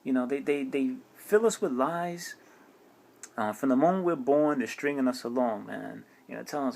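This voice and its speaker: A man's voice: mid-range voice, lively intonation, a little fast, vocal fry, a little mellow. A man hosting his own video, ranting heatedly and swearing about society and politics, mocking what others say. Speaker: channel host. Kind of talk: spiritual rant to camera.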